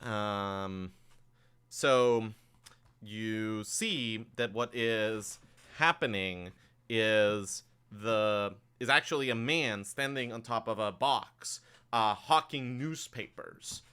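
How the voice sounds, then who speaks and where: Guy running a tabletop game, bright crisp voice, lots of ums and likes. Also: on the low side, slow. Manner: loose, filler-heavy narration. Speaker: game master.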